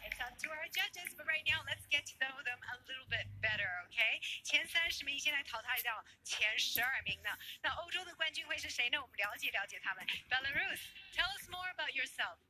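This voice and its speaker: A high, very bright female voice leads the show as pageant host, with a playful, teasing touch. She keeps the stage moving and jokes with the contestants between introductions. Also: animated, brisk, hardly any pauses, faint music behind, poor audio. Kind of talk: live bilingual stage hosting.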